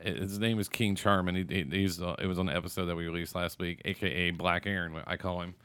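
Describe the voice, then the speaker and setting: A man's voice: low-pitched, level tone, fast, a bit bright, smooth, no room sound. A man in his forties hosting a podcast, telling rambling stories between laughs in casual chat. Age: 40s. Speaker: podcast host.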